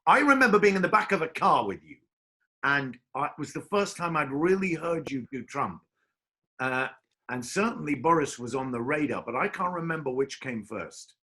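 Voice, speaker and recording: A man's voice: fairly high pitch, lively intonation, normal speed, sharp tone. A man hosting a casual interview on a video call, with florid, theatrical phrasing. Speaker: host. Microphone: video call microphone.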